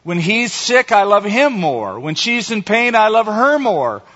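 A man's voice: high-pitched, big pitch swings, measured pace, fairly bright tone, pitched above the performer's own voice, heavily acted. A man voicing a tearful young mother of three, speaking earnestly and pleadingly. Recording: echoey hall, slightly dull sound.

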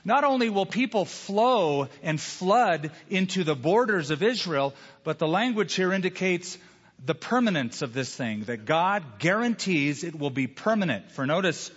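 A middle-aged man preaching a sermon, reading scripture aloud with emphatic pauses. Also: high voice, sing-song, fairly bright tone, slightly rough. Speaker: pastor. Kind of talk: expository sermon. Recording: dull recording in a large reverberant hall.

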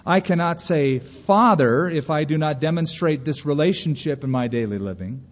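A man's voice: fairly high pitch, animated, normal speed. A male pastor from California, preaching a sermon in an earnest way with rhetorical questions and story asides. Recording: reverberant hall, dull lo-fi sound.

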